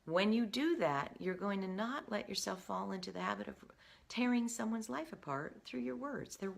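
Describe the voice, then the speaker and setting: A woman's voice: medium pitch, expressive, normal speed, creaky. A middle-aged woman coaching viewers directly, earnest and emphatic, checking in with the listener as she explains. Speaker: career coach. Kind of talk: direct-to-camera advice talk.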